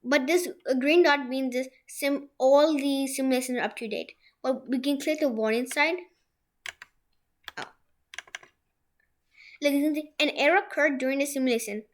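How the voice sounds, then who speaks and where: A young woman hosting a software tutorial from a room at home, talking it through in a rambling way with many restarts. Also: sits high, moderate pace, long pauses. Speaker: tutorial host. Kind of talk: screen-share software tutorial.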